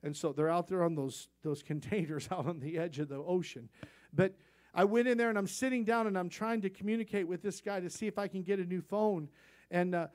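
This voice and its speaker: A man's voice: high-pitched, darkish tone. A middle-aged male pastor preaching a sermon, telling folksy stories and rising to emphatic peaks.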